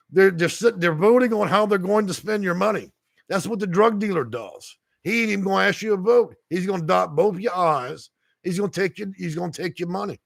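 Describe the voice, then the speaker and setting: A man's voice: on the high side, gravelly, dry recording. A man, a housing consultant ranting on a livestream and reading the chat, heated and profane with bursts of laughter.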